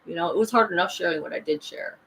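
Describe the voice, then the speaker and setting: A woman's voice: lowish voice, quick pace, a bit bright, a little hiss or hum, poor audio. A woman vlogging a rambling, emphatic personal story, full of restarts and voices she quotes. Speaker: spiritual vlogger.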